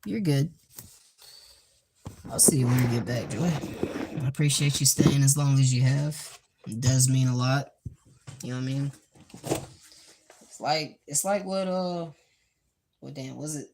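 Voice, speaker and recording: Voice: medium pitch, measured pace, long pauses. A host who chats in a goofy, rambling way during a casual cooking livestream in a home kitchen. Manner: goofy and rambling, with sound effects. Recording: noisy with clicks.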